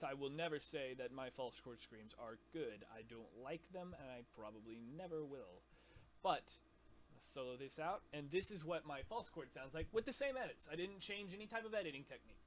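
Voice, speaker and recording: A man casually explaining his scream techniques, stopping mid-sentence to demonstrate growls and shouts. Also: medium pitch, lively intonation, moderate pace, a little hiss or hum. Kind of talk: casual vocal tutorial.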